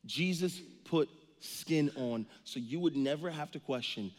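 A man in his thirties preaching a lively sermon, with a slightly higher voice and a quick, joking storyteller's manner. His voice carries the long reverb of a large church hall. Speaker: pastor.

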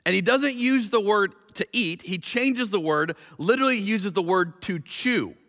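A male pastor preaching a sermon in a conversational, animated way, reading scripture slowly and with emphasis. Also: high voice, big-room sound.

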